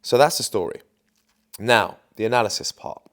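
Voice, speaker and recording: Chatty man with a low voice. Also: moderate pace, fairly bright tone. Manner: chatty, confident, lots of fillers. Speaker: dating coach. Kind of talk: casual storytelling to camera.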